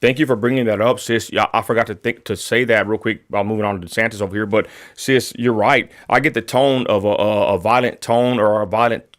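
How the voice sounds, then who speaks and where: Excitable male stream host from West Texas, slangy and casual. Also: fairly low pitch, brisk, hardly any pauses. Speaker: show host. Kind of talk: live political chat stream.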